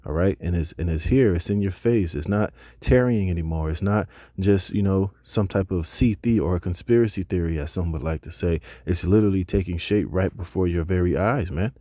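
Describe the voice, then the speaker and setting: A man's voice: sits low, a little fast, few pauses, warm tone, no room sound. A man teaching a Bible lesson, reading scripture and then preaching emphatically with casual slang asides.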